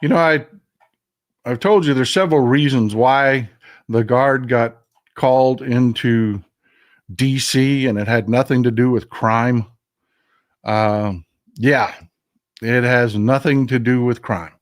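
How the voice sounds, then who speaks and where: A man's voice: medium pitch, takes it slowly, long pauses. Blunt, emotional male livestream host. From Texas. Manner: blunt, emotional, swears, reads viewer comments aloud. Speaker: livestream news commentary host. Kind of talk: casual live news commentary.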